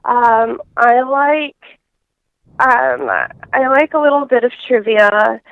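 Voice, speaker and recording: Slow, halting woman on a muffled line. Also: fairly high pitch, gravelly, no room sound. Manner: halting, many fillers and restarts. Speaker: interview guest. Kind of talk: casual interview chat. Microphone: phone line.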